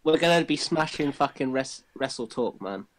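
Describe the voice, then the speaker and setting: A man chatting on a podcast, with a casual, sweary way of talking. He gets upbeat when he thanks the listeners and plugs the show. His voice is an everyday mid-pitched one. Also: expressive, normal speed, a little hiss or hum. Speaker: podcast co-host. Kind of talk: casual chat.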